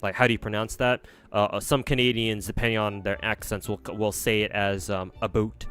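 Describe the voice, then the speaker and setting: A man's voice: on the low side, little pitch movement, a little fast, a bit bright, faint music behind. A young man chatting casually as a streamer, answering viewers with lots of fillers and restarts. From United States. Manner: rambling, many fillers and restarts.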